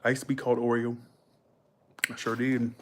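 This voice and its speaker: A man's voice: medium pitch, monotone, brisk, fairly bright tone, a little hiss or hum. A man hosting a livestream in rambling, slangy casual chat, laughing often. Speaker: livestream host.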